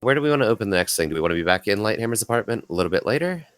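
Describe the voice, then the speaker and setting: A man running a tabletop game as game master, checking in with the players through quick clarifying questions. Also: on the low side, expressive, a bit bright, clear, resonant tone, no room sound.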